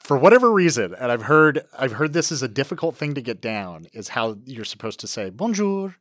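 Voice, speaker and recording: Animated, laughing man, dry and close. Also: mid-range voice, fairly quick, no echo. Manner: animated storyteller, swears and laughs often. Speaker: podcast co-host. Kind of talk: casual chat.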